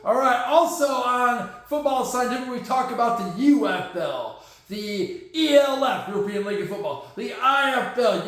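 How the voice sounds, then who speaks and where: A man with a very high voice hosts a casual sports podcast, joking and clowning as he goes. His voice rings out in a very echoey room. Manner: jokey and goofy, with shouted catchphrases. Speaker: podcast host.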